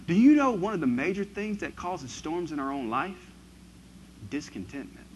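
A man preaching a sermon, reading scripture and then riffing on it, his voice swinging from loud to hushed. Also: a little high, slight background noise. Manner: animated, swinging from loud to hushed, asks the congregation questions; reads scripture aloud then riffs on it. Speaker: pastor.

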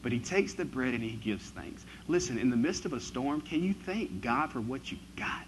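A man preaching a sermon, reading scripture and then riffing on it, his voice swinging from loud to hushed. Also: mid-range voice, moderate pace, a little hiss or hum. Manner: animated, swinging from loud to hushed, asks the congregation questions; reads scripture aloud then riffs on it. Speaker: pastor.

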